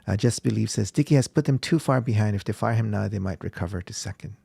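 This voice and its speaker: Gravelly low-voiced male podcast host. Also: fast, mellow, dry recording, clean studio sound. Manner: reads out chat comments, laughs often. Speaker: podcast host reading viewer comments. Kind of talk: casual sports chat.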